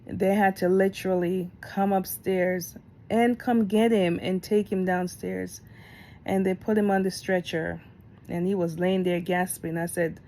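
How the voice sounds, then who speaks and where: A middle-aged woman talking candidly in a storytime vlog, getting animated as she retells events. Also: fairly low pitch. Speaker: vlogger.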